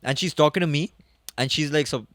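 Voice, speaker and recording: A young man from India, a podcast co-host, telling a story in animated casual chat with laughter and swearing. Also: a little high, brisk, dry recording, clean studio sound. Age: young adult.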